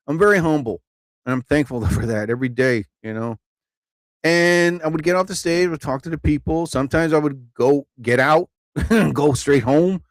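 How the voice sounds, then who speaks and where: A man hosting a live stream, telling rambling stand-up stories casually, laughing often and jumping into higher voices to act out quotes. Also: normal speed, no echo. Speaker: live show host, comedian.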